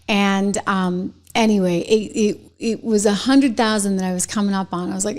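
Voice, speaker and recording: A woman's voice: mid-range voice, a little fast, hardly any pauses, darkish tone. A middle-aged woman hosting her own live online show, chatting casually with viewers and laughing often between stories.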